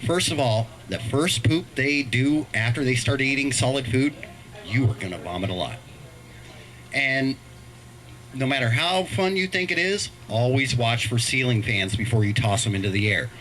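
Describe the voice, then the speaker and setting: A man's voice: medium pitch, moderate pace, long pauses, low-quality recording. A middle-aged man telling stand-up stories about his kids on a live stream, acting out voices as he goes. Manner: animated storytelling, acts out voices. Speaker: stand-up comedian.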